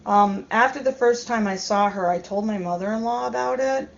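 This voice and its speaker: A storyteller vlogger, a woman, recounts a personal story in a subdued, hesitant voice, halting often with pauses and plenty of ums. Her fairly high-pitched voice carries a gravelly fry, and the recording sounds dull and lo-fi.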